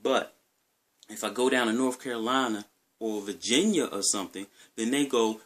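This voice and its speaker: A man's voice: medium pitch, moderate pace, a bit bright. Rambling man with a Maryland accent. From Maryland, USA. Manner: rambling, conversational, repeats himself. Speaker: gaming vlogger. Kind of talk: casual talk to camera.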